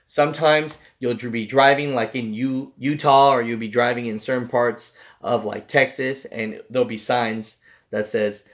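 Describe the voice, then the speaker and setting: A man's voice: medium pitch, fairly even intonation, normal speed, a bit bright. A young man, a truck driver, telling a story to his viewers in a loose, rambling way. He swears freely and fills his talk with "like" and "you know.". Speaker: truck driver and channel host.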